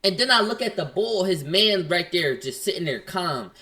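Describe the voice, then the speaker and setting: A man telling a story in casual slang, acting out both sides of an argument in quick quoted lines. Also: high-pitched, expressive, pushed and bright.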